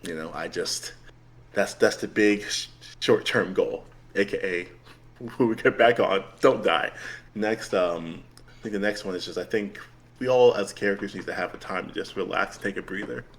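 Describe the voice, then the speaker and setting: Casting: man, lowish voice, game player in a loose talkback, rambly, laughs a lot. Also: normal speed. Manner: rambling, heavy use of "like", laughs often. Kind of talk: casual post-game chat.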